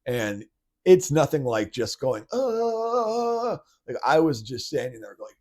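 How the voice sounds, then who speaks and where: Husky and a touch dark, this man's mid-range voice moves at a moderate pace as he hosts his podcast. He offers loose, rambling commentary full of false starts, sometimes blunt and mocking and sometimes swearing.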